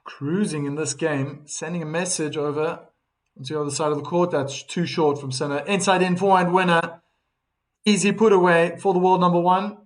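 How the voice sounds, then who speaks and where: Live on stream, a man calls a tennis match play by play, calm between points and more animated on big shots, reading viewers' chat aloud. His pitch is fairly high and his pace brisk.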